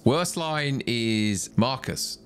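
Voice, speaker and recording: A man's voice: medium pitch, expressive, extremely slow, a bit bright, smooth. A man co-hosting a film podcast, chatty and enthusiastic about the movie. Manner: enthusiastic, chatty, laughs at lines. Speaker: podcast co-host. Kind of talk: casual film chat. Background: faint synth music.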